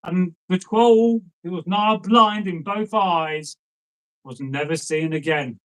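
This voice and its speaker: Guy rambling through an old folk tale, lots of um and you know, higher voice. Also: slow, fairly bright tone, low-quality recording. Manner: rambling, chatty asides, lots of fillers. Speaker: storyteller. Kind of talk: casual folk tale telling.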